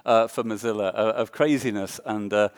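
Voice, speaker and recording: A man's voice: fairly low pitch, steady tone, moderate pace, smooth. An Englishman giving a design talk on a conference stage, self-deprecating and joking, with lots of ums and uhs. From England. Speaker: conference speaker.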